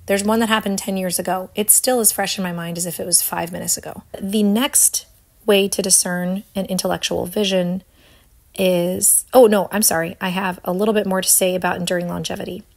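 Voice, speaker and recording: A woman's voice: lowish voice, fairly even intonation, a little fast, gravelly, darkish tone. A woman hosting a faith talk, speaking earnestly and unhurriedly, with light laughs and long passages read aloud. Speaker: Catholic faith teacher and host. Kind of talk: casual teaching talk with read quotes.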